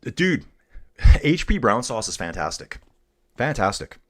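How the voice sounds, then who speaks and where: Here a Canadian man in middle age runs a live cycling broadcast, bantering excitedly and casually with his audience about the race. His voice sits in the mid range, and he speaks slowly.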